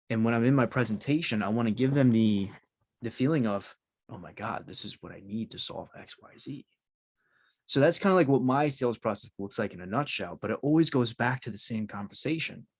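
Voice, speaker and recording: A male podcast host explaining his ideas with energy, asking himself rhetorical questions and often filling gaps with "like". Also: lowish voice. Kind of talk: casual interview talk.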